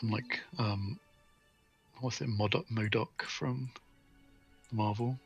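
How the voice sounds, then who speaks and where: A man's voice: on the low side, steady tone, slow pace, vocal fry, soft background music. A man chatting casually on a live stream, making dry, self-deprecating jokes.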